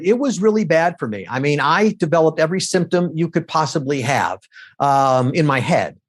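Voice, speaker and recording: A middle-aged man, a TV political commentator, telling stories quickly in a casual interview and acting out quoted lines. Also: on the high side. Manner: quick, animated storytelling with acted-out quotes.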